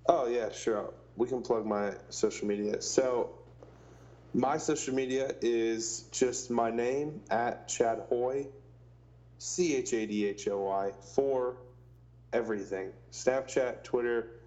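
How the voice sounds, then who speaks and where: A man's voice: medium pitch, slow pace, darkish tone, highs cut off. A young man co-hosting a casual podcast, joking around and laughing often. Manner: jokey, laughs often, spells out handles. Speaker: podcast co-host. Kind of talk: casual chat.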